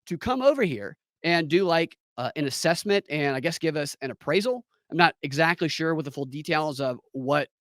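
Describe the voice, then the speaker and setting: A man's voice: a little high, lively intonation, moderate pace, few pauses, a bit bright, no echo. A man hosting his own podcast, telling a comic story in a sarcastic, mocking manner from his home studio. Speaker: podcast host. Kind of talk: comedic storytelling monologue.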